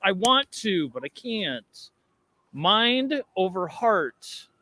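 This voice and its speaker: A tired man chatting casually about football on a fan show, stammering and restarting as he gets animated. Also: sits high, slow pace, dry recording. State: tired after a night out. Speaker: regular panelist on a fan show.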